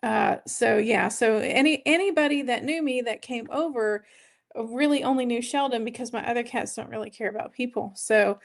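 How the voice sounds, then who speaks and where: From her home, a woman with a slightly higher-than-usual, creaky voice hosts a casual weight-loss live stream at normal speed. She rambles chattily, greeting viewers by name and thanking them along the way.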